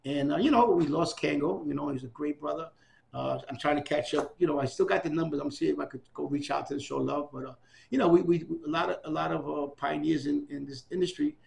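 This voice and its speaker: Gravelly older New man telling stories. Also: fairly high pitch, fast talker. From New York City. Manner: animated storyteller, acts out quoted voices. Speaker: interviewee. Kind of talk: oral history storytelling.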